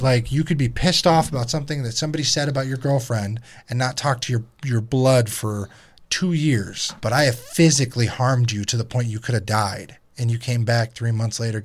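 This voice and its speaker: A man of ordinary pitch talks loosely on a podcast, swearing freely. He tells family stories with open feeling. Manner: profane, heartfelt storytelling about family. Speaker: podcast co-host. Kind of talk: casual chat.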